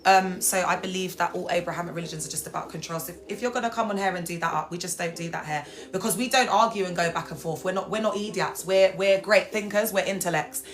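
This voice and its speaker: Lying in a hospital bed, a woman runs an informal live stream where she reads viewer comments and chats back. Her manner is lively, and she readily slips into high, excited outbursts.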